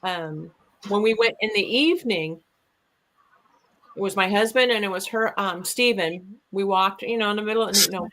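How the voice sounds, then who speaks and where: A middle-aged woman recounting an encounter in casual conversation, animated and acting out the voices she quotes. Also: mid-range voice, moderate pace, low-quality recording. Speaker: guest. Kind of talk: casual storytelling.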